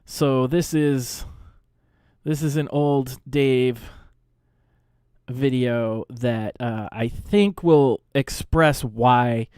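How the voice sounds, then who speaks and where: Smooth, slow-talking male podcast host. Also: medium pitch, a little mellow, dry recording, studio quality. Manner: unhurried, explaining with fillers. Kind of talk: casual commentary.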